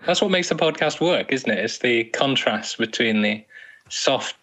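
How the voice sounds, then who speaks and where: A man's voice: medium pitch, expressive, moderate pace, a bit bright, poor audio. A man hosting a podcast in casual, rambling chat, teasing his guests. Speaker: podcast host.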